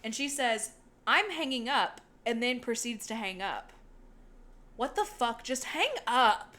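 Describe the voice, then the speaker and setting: A woman's voice: on the high side, unhurried, a bit bright. A young woman from the United States, co-hosting a podcast in casual chat. She recaps a movie, laughs often and swears casually. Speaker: podcast co-host.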